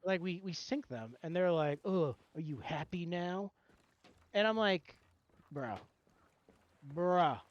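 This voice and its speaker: A man streaming, casually telling a gaming story in an animated way, acting out both sides of the exchange and swearing freely. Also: high-pitched, unhurried, dull audio.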